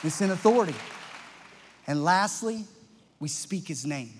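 High-voiced preacher in a reverberant hall. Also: male voice, animated, a little slow, crowd noise, background noise. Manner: impassioned, swings from loud to hushed for emphasis. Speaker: pastor. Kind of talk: sermon. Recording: long church-hall reverb with faint music.

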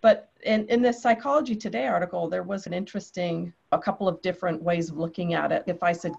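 A woman's voice: on the low side, fast talker, vocal fry, slightly rough. A woman speaking in a heartfelt, reflective way in a panel discussion. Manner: heartfelt, reflective, quotes others in lively voices. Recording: dull lo-fi audio.

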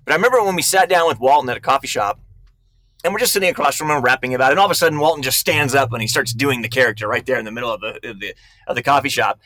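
A man, a film director, telling stories about casting in an energetic, emphatic interview. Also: mid-range voice, very fast, dry recording. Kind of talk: casual interview storytelling.

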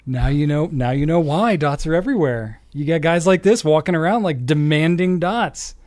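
A man's voice: a little high, darkish tone, no echo, studio quality. A man co-hosting a podcast in casual chat, wry and teasing, slipping into an exasperated dad voice when quoting himself. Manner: wry, teasing, quick to laugh. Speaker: podcast co-host.

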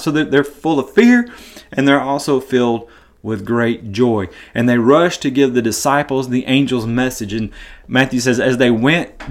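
A man teaches from the Bible in a relaxed, conversational way. His voice sits at an ordinary middle pitch. He stumbles over and repeats words as he thinks aloud, and he brings the scenes to life as he retells them. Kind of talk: casual Bible teaching podcast.

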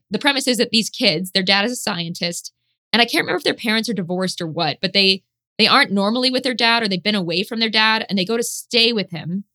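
A woman chatting casually as a podcast guest, excitable and swearing casually, filling her talk with "you know". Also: mid-range voice. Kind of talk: casual chat.

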